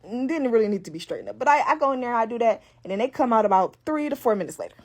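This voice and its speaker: A woman's voice: on the high side, rapid-fire. A young woman telling a story in casual, profane talk, acting out what others said. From Detroit. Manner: animated, profane, quoting others in raised voices.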